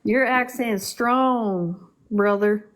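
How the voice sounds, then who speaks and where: A woman's voice: mid-range voice, takes it slowly. A woman co-hosting a live stream in casual chat, teasing and laughing often. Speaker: livestream co-host.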